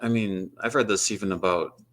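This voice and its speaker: A deep-voiced man speaking as a guest in a casual interview. He talks thoughtfully, searching for words with frequent "uh" and "um". His tone stays relaxed and conversational. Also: fairly quick. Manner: thoughtful, with many fillers such as "uh" and "um". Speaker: guest, high school English teacher.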